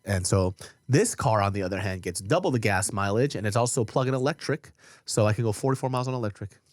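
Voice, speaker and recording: A man co-hosting a podcast, chatting casually and telling animated, profane stories. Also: fairly low pitch, quick pace, dry recording, clean studio sound. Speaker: podcast co-host. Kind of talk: casual chat.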